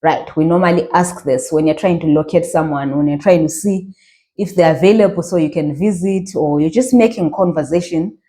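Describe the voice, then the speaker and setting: A woman's voice: deep voice, dark tone. Zimbabwean woman teaching a language lesson. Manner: explains slowly, repeating phrases, asking rhetorical questions.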